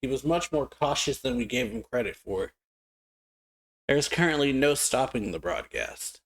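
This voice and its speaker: A man's voice: mid-range voice, lively intonation, moderate pace. A man reading out the lines of a stern elder male official giving a formal report.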